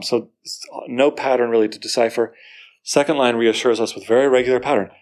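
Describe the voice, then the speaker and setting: Enthusiastic male poetry teacher. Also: medium pitch. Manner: enthusiastic, asks students questions, reads verse slowly. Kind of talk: classroom lecture.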